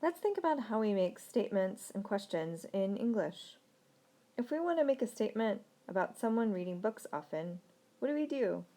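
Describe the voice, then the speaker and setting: A woman teaching a recorded language lesson, speaking clearly and slowing down to model example sentences. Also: mid-range voice, sing-song, dark tone.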